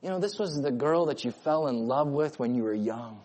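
A man's voice: medium pitch, expressive, normal speed, few pauses, a little mellow. A man preaching a sermon with earnest emphasis, reading scripture aloud and then explaining it to his congregation. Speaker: pastor.

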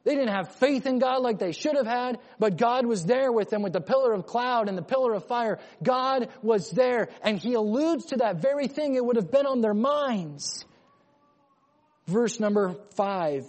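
A man preaching an emphatic sermon, rising to urgent loud lines and then dropping to quiet ones. His voice sits high for a man. A long reverb from a large hall trails every phrase. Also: expressive, moderate pace. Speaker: pastor.

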